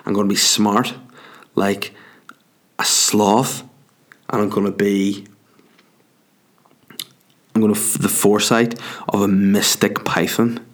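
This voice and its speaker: A man delivering a profane, rambling comic rant, worked up and exaggerating. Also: on the low side. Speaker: comedian.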